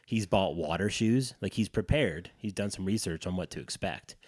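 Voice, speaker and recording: Low-voiced man telling a rambling story. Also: normal speed, no echo, studio quality. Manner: profane, animated storyteller. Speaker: podcast co-host. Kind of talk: casual storytelling chat.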